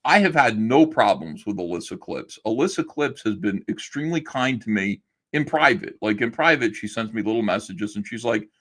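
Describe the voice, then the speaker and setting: A man's voice: lowish voice, animated, moderate pace, few pauses, fairly bright tone. Sarcastic man ranting on a livestream. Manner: sarcastic, mocking, rambling. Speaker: livestream host. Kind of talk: casual livestream rant.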